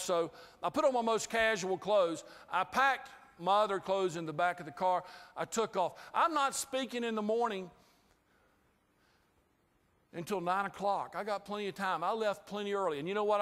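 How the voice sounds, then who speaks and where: A man giving an inspirational talk, telling a humorous story with lively, acted-out dialogue to a live audience. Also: sits high. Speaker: inspirational speaker. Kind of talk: storytelling keynote speech. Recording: hall reverb.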